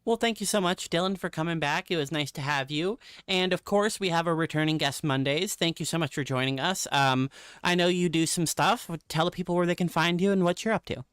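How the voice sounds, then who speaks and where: A man hosting a podcast, politely wrapping things up and thanking each guest. His voice is smooth and resonant, slightly higher than average, and recorded close and dry. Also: a little fast, a bit bright, dry recording. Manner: polite, steering the conversation. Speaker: podcast host.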